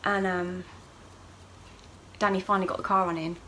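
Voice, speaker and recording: Woman telling a story, animated. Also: normal speed, a little hiss or hum, rough recording. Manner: animated, acts out voices of others with sharp jumps in pitch and loudness. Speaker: vlogger. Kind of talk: casual storytelling to camera.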